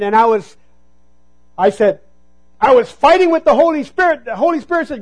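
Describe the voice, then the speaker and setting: A man preaching a sermon, telling a personal story and calling out to the congregation, sometimes dropping to a hush for emphasis. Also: very high-pitched, lively intonation, brisk, poor audio. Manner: storytelling, call-and-response "Amen?".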